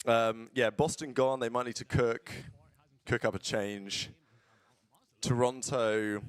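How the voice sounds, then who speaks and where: A man streaming casual watch-along commentary on esports matches, blunt and swearing, bursting into excited play-by-play. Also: lowish voice, no echo.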